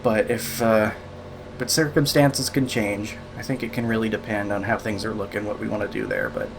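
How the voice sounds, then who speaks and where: A man giving casual live commentary while sim racing from home, thinking aloud, a little out of breath, laughing softly at himself. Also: fairly low pitch, expressive, normal speed, gravelly, over music. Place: room at home.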